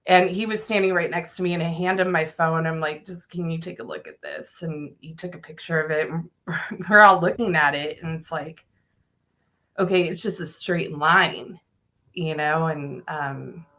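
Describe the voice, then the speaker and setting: A woman casually telling a story on a podcast, animated, swearing and laughing as she goes. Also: low voice, moderate pace.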